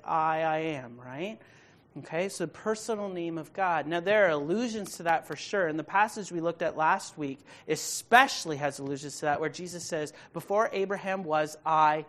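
At an evening Bible study, a woman teaches with emphasis, pausing to ask her listeners questions. When she reads scripture aloud, her voice climbs to a loud, forceful pitch.

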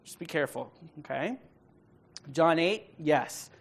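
A woman leading an evening Bible study, speaking emphatically, checking in with her listeners by asking questions, and rising to a loud, forceful pitch when she reads scripture aloud. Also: lively intonation, measured pace, slightly rough. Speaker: Bible teacher.

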